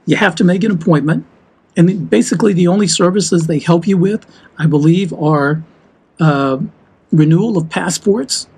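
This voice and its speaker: A man's voice: sits high, darkish tone, husky, poor audio. A man from the United States talking heatedly and emphatically in a walk-and-talk vlog. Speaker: vlogger.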